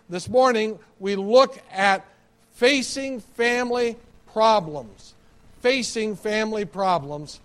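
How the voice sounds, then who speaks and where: High-voiced man preaching emphatically. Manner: emphatic preaching, stressing repeated words; earnest, with a lowered voice in prayer. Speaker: pastor. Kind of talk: sermon. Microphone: wearing a microphone.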